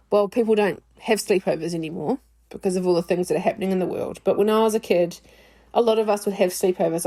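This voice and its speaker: A woman hosting her own podcast, speaking in a personal, reflective monologue. She talks candidly and in a chatty way, often joking at her own expense. Her voice sits at an ordinary middle pitch. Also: a little mellow. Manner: candid, chatty, self-deprecating. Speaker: podcast host.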